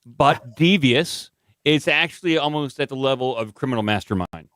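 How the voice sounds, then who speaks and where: A man co-hosting a comedy podcast with wry, quick quips. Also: medium pitch, animated, fairly bright tone, dry recording, studio quality. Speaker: podcast co-host. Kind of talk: casual comedy chat.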